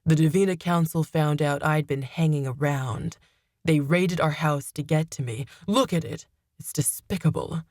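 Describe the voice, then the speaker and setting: A woman voicing a vengeful male demon father who speaks deep, cold and menacing in an audiobook. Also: normal speed, a little mellow, no room sound, studio quality, lightly acted. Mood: bitter.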